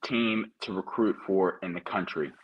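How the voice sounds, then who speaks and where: A man co-hosting a sports podcast, chiming in with wry asides in a husky voice. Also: low-pitched, normal speed, lo-fi sound. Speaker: podcast co-host. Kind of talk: casual sports podcast chat.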